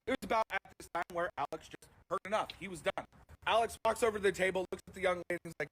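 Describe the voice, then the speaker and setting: A middle-aged man casually telling a fast, profane story on a livestream, acting out the people in it. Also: high voice, a bit bright, slight background noise, rough recording. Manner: fast, profane, acts out quoted voices.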